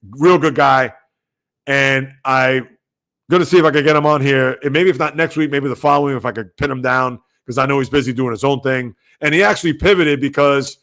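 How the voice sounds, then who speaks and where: A man hosting a sports talk livestream at home, speaking loudly and emphatically, rambling conversationally and answering viewer comments. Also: mid-range voice. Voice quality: loud, emphatic delivery. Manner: rambling, conversational, talks back to chat.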